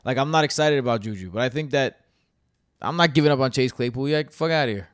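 A man's voice: medium pitch, fast talker, dry recording, clean studio sound. A man co-hosting a sports podcast in casual, joking chat, talking animatedly and swearing freely. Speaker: podcast co-host.

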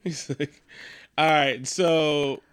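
A man's voice: fairly high pitch, very slow, clean tone, dry recording. A man casually recapping a movie, joking and swearing freely as he tells the story. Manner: profane, joking, animated storytelling.

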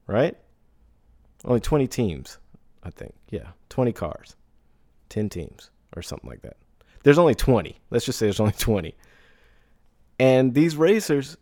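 A man's voice: mid-range voice, dark tone, no room sound, studio quality. A man hosting a podcast who talks casually, often asking "right?" and laughing as he goes. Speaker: podcast host. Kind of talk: casual solo podcast talk.

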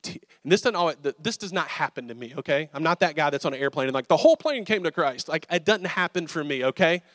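Casual pastor preaching. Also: male voice, a little high, fast talker, no room sound, studio quality. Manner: casual storytelling, animated and conversational. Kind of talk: sermon.

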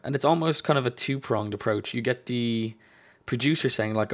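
A man's voice: mid-range voice, moderate pace, fairly bright tone. Chatty, enthusiastic man in mid voice. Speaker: colorist. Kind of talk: casual podcast discussion.

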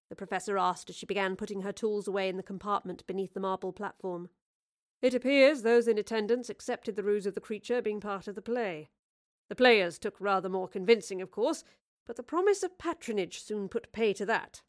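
A woman narrating an audio drama with expressive, clear storytelling and voicing every character herself. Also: medium pitch, a little fast.

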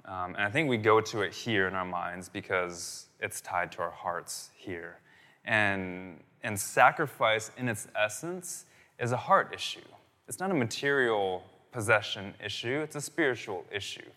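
A preacher man with a bright, forceful voice works through scripture verse by verse. He talks to the congregation directly and often restarts his phrases. His voice rings out in a hall with a long reverb. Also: on the low side, animated, measured pace. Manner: explains scripture with frequent restarts and "right?" asides. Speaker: pastor. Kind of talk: sermon.

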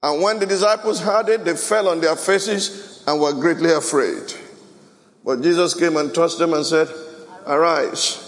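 A man's voice: fairly high pitch, measured pace, in a large hall. A man preaching a sermon at a church worship service, reading scripture aloud and breaking into song now and then. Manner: preaching with Bible reading, asides and bursts of song. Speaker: pastor.

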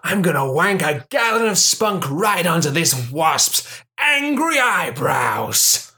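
A man voicing a pompous, unhinged middle-aged boss who breaks into shouting outbursts in a comedy improv sketch. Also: on the high side, big pitch swings, takes it slowly, creaky, full character voice.

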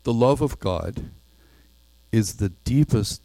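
A man's voice: medium pitch, animated, slow, dark tone, dry recording. A man preaching a sermon in an earnest way, at times reading a passage from a storybook aloud.

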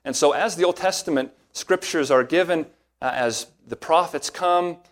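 A man with a fairly high-pitched voice preaches as a pastor, working through an expository sermon earnestly and emphatically. He speeds up and slows down to stress key points.

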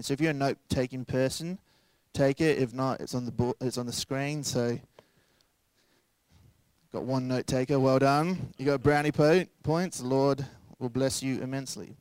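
A young man delivering a sermon at a middle pitch. He keeps it casual and joking and acts out the people he quotes. The sound is close and dry, with no room around it. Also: steady tone, normal speed, darkish tone, clean tone, dry recording. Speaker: pastor.

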